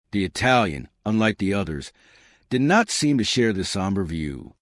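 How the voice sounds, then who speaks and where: A man narrating a classic mystery audiobook in an expressive storytelling manner, close to the mic. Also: lowish voice, moderate pace, no room sound. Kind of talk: scripted narration.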